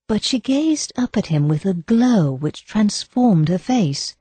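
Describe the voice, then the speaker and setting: A woman narrating a cozy mystery audiobook in an even, measured storytelling style. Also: mid-range voice, breathy edge, no echo. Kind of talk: scripted narration.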